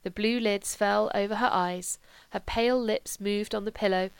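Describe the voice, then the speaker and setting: A woman narrating a literary audiobook in a calm, measured way, dropping to a hush in quiet passages. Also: mid-range voice, creaky, clear, resonant tone, dry recording.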